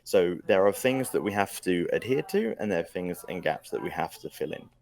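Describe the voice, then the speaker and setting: A British man, a guest on a podcast, explaining his team's plans in a measured, casual way. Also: sits low, lively intonation, vocal fry, a little mellow. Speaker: mod team lead, podcast guest.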